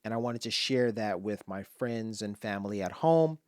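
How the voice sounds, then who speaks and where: A man's voice: on the low side, animated, moderate pace, darkish tone, dry recording, studio quality. A man from Los Angeles giving casual spoken commentary on his own poem, telling stories with voiced asides and sometimes dropping to a whisper.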